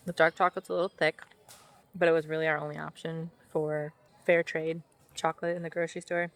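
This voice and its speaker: Young woman vlogger with a lowish voice. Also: level tone, a little fast, fairly bright tone, poor audio. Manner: upbeat, chatty, laughs often. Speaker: travel vlogger. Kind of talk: casual chat.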